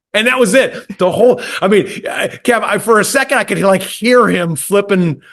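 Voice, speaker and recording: Brief: a profane, stammering man from Texas, podcast co-host, slightly high voice, rambling stories. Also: a little slow, a bit bright. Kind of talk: casual storytelling chat.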